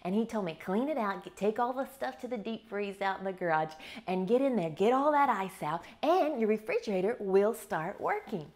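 A woman's voice: medium pitch, lively intonation, normal speed, a little mellow. Chatty woman hosting a devotional talk. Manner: chatty storytelling with laughs. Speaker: Christian teaching show host. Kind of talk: devotional teaching from her kitchen. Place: home kitchen.

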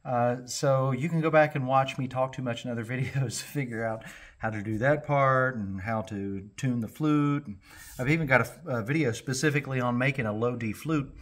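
A man's voice: mid-range voice, normal speed. A middle-aged man making a flute, giving a casual, rambling workshop tutorial in a folksy way. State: a little out of breath. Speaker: flute maker and channel host.

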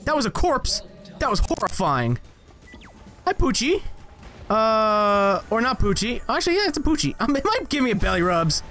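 Young man, high voice, rambling gameplay commentary, self-mocking, excited yelps, faint music behind. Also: brisk. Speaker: gaming channel host.

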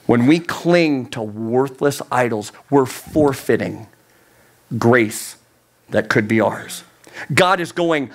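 Slow, emphatic youth pastor, man. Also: mid-range voice, lively intonation. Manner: emphatic, repeats key phrases, voice climbs on emphasis. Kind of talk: sermon.

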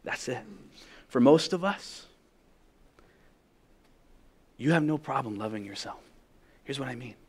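A man preaching a sermon as pastor, emphatic, asking the congregation direct questions, dropping to a hush and building up loud. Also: mid-range voice, animated, normal speed, husky. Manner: drops to a hushed voice then builds up loud.

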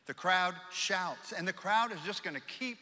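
Male preacher, bright tense voice, slightly high, big reverberant hall; swings from shouts to hushed lines. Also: lively intonation, moderate pace. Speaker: pastor. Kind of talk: sermon. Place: church auditorium.

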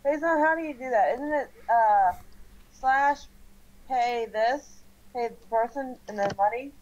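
Female player, higher voice, hesitant questions, distant muffled line. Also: a little slow, a little mellow. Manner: hesitant, asks lots of questions. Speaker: player on a call. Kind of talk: casual gaming chat.

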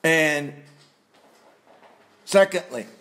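Slow, emphatic man preaching a sermon. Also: on the high side, fairly bright tone. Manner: slow and deliberate, with sudden emphatic rises. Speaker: pastor.

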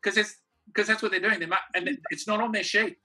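A man's voice: high voice, fairly even intonation, fast, pushed and bright, faint music behind. An Australian man chatting casually on a video call as a comedy co-host, laughing easily as he tells stories. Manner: laughing, easygoing storyteller.

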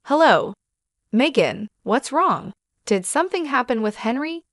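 A woman's voice: a little high, sing-song, a little slow, no echo, clean studio sound, voice pushed up. A woman voicing a loyal woman friend who speaks firmly and with determination, in an audio story. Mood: concerned. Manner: firm and determined. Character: firm, loyal woman friend, scheming and mischievous.

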